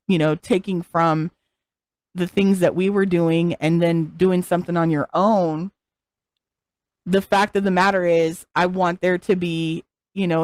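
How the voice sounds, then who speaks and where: A woman's voice: low-pitched, a little mellow, no echo. A middle-aged woman being interviewed, talking candidly and frankly, swearing freely and laughing often. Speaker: interview guest, content creator.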